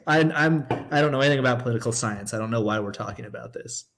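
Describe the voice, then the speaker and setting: A man's voice: medium pitch, fast talker, fairly bright tone. A man hosting a podcast, talking in casual chat with a wry, teasing manner. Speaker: podcast host.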